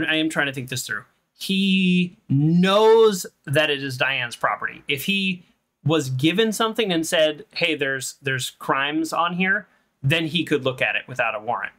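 A game streamer giving heated, animated commentary during a playthrough, ranting and arguing points out loud. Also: medium pitch. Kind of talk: let's play commentary.

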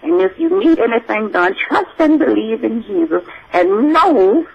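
A man's voice: sits high, big pitch swings, unhurried, gravelly, husky, highs cut off, heavily acted. A man playing a churchy elderly grandmother who calls everyone sugar and keeps calling on the Lord. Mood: preachy. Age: older. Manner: effusive, preachy, exclaims Lord and Jesus. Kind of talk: comic call-in character bit.

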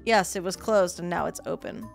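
A woman voicing a young male villager in a flat, matter-of-fact way. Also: on the low side, moderate pace, vocal fry, faint music behind, pitched below the performer's own voice.

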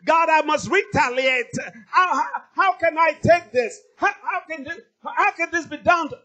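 A pastor acting out a distressed believer who pleads with God, protests and stammers in repeated words. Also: male voice, very high-pitched, very animated, moderate pace, bright, forceful tone, voice pushed up, exaggerated voice. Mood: anguished pleading.

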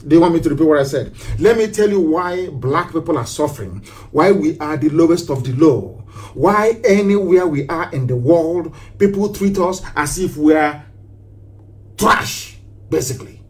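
Impassioned man, high voice. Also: lively intonation, normal speed, darkish tone. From southeastern Nigeria. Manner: impassioned and preachy, hammering rhetorical questions and repetitions. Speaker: political activist broadcaster. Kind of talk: live broadcast speech.

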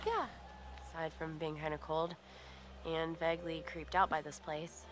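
A woman's voice: sits low, little pitch movement, normal speed, a crowd in the background, natural voice, low-quality recording. An actress playing an uneasy, dry-humored young woman in a video game. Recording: game audio with music behind.

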